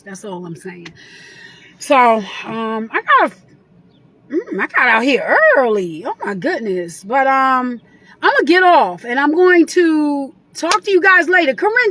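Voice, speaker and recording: A middle-aged woman talking casually and sentimentally as a guest on a live video chat. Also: sits high. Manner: warm, chatty, sentimental.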